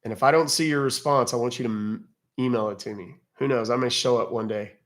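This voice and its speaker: A man's voice: mid-range voice, fast. A man from Texas hosting a casual live stream, chatting loosely and reading viewer comments aloud. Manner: chatty, loose, jokey, reads chat aloud. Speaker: livestream host.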